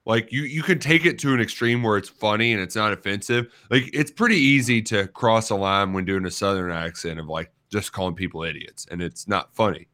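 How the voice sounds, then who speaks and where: Young male radio co-host, low-pitched and sharply bright, loose rambling banter. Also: brisk, few pauses. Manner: rambling, lots of "like" and "you know". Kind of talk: casual sports radio chat. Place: radio studio. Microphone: studio microphone.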